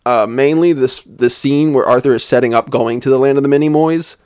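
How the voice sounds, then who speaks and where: Young guy roasting a movie, rambly and sarcastic, mid-pitch voice, dry close sound. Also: fairly quick, darkish tone, clear, resonant tone, no echo. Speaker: film reviewer. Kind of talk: comedic movie review commentary. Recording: dry voice-over.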